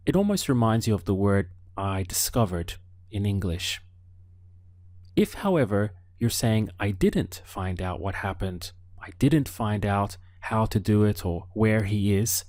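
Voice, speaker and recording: A man with a lowish voice gives a Spanish lesson, speaking very slowly and spelling out words syllable by syllable. The recording is dry and close, with no room sound. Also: a little mellow, dry recording. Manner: slow, deliberate explaining with careful word-by-word modeling. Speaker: Spanish teacher. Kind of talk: online language lesson.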